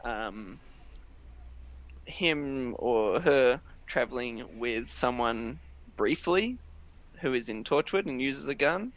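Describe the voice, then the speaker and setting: A man's voice: mid-range voice, expressive, takes it slowly, a bit bright, dull audio. Chatty young man podcast co-host. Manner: rambling, lots of fillers and retold scenes. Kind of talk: casual chat.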